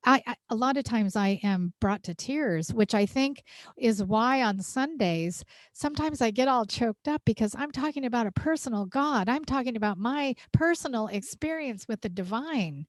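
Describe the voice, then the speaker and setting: A woman minister preaches with heartfelt emphasis and a fairly high voice. She laughs often as she speaks. The sound is dry, with little room echo. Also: animated, moderate pace. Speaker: senior minister. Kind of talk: sermon. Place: church sanctuary.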